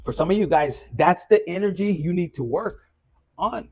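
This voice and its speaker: A man's voice: high voice, lively intonation, normal speed, a little mellow, slightly rough. A man giving a loose, profane, casual collective tarot reading. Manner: loose and profane, with Spanish slang mixed in. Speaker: tarot reader.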